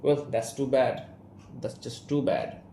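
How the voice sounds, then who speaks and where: Male student reading a guarded estranged son, Indian English accent, slow and gravelly, echoey room with a faint hiss. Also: medium pitch, lively intonation, warm tone. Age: young adult. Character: young man, guarded, estranged son and writer. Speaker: student reader. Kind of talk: reading an audio play aloud.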